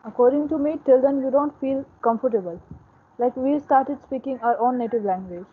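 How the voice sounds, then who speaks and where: Indian-accented woman, Hindi native, slightly husky, earnest, on a tinny video-call line. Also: sits high, normal speed. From Uttar Pradesh, India. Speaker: English learner in group discussion. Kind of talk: casual discussion. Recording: tinny phone-like call audio.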